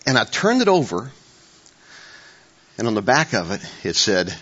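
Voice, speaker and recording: An older male pastor with a lowish voice, telling stories from the pulpit in a loose, conversational way. He stumbles and restarts often and pokes fun at himself. The recording is dull and lo-fi. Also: sing-song, moderate pace, a bit bright, breathy edge. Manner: rambling storytelling with many restarts and self-corrections; wry, self-mocking humor. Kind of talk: conversational sermon. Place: church.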